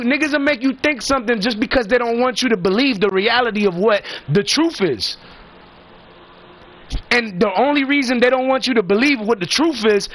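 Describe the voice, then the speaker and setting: Man, high-pitched, rambling and profane, emphatic casual storytelling. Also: fairly bright tone.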